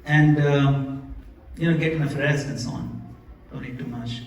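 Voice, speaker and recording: A man's voice: mid-range voice, fairly even intonation, measured pace, a little mellow, recorded from a distance, a little hiss or hum. A man giving a sermon in a temple hall, asking the audience questions and demonstrating how to chant. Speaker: temple lecturer. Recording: echoey hall, recorded from afar.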